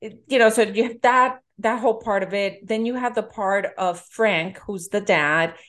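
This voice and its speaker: A middle-aged woman co-hosting a casual movie-review chat, an animated storyteller who acts out the quotes. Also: medium pitch, measured pace. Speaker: podcast co-host.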